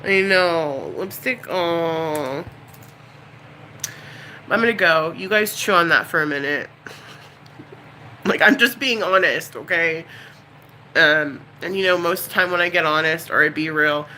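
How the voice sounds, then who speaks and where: A woman's voice: deep voice, sharp tone, slight background noise, low-quality recording. A middle-aged woman chatting casually and candidly on a live stream, rambling and emotional. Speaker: YouTuber.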